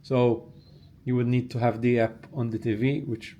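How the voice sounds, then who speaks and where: A Maltese-accented man gives a casual vlog tour of a hotel room, talking easily into a handheld camera at a middle pitch. He rambles in a friendly way and pauses on little fillers as he goes. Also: dull audio, slight background noise. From Malta. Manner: chatty, relaxed, thinks aloud with fillers. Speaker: travel vlogger.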